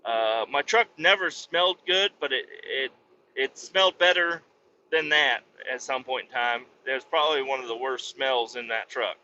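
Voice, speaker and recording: Sharp-voiced profane male storyteller. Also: medium pitch, moderate pace, highs cut off, a little hiss or hum. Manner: profane, rambling, sarcastic. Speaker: podcast host. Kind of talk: casual comic storytelling.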